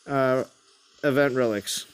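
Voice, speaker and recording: A man's voice: medium pitch, fairly even intonation, slow, smooth. A man hosting a casual game live stream, rambling with lots of fillers and restarts. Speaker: game livestream host.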